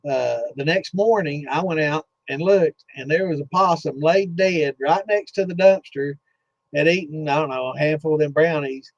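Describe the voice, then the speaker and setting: A man's voice: fairly high pitch, darkish tone, dry recording. A man hosting a distilling Q&A chat, telling a rambling story full of cursing and fillers, with a slightly dull lo-fi sound. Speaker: host of a distilling Q&A livestream.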